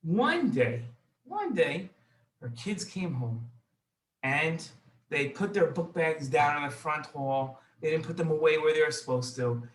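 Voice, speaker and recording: A man's voice: fairly high pitch, very animated, a little slow. A man hosting a children's show, telling a story to kids in an upbeat, reassuring way. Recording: echoey room.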